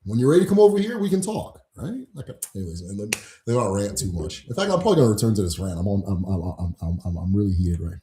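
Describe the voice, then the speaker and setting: The host of a channel on Igbo spirituality rants to camera in a casual, mocking way, swearing and laughing often. His lowish, warm voice is very animated and rapid-fire. There's slight background noise and a roomy echo.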